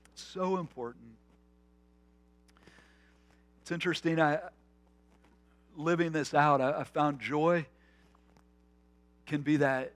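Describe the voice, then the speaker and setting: A male pastor preaching a conversational sermon, telling stories earnestly, restarting phrases, and slowing to a soft voice on key points. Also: medium pitch. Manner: earnest, storytelling, with frequent restarts.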